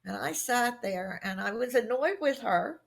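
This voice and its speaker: Speaking at a measured pace in a slightly high, gravelly voice, a middle-aged podcast guest shares workplace stories. An expert in workplace communication, she animatedly performs the quotes within them.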